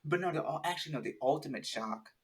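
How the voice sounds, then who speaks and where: A man talking in a casual, animated chat, rambling with many restarts. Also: on the high side, quick pace, low-quality recording.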